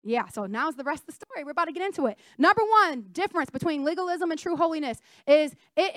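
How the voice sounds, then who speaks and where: A woman's voice: high voice, lively intonation, fast, few pauses, dry recording, clean studio sound. A young adult woman preaching a sermon, emphatic, asking her congregation questions and having them answer back.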